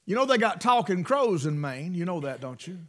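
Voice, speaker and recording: Animated high-pitched preacher man. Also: fairly quick. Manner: folksy, emphatic, swings between loud bursts and hushed asides. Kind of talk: sermon.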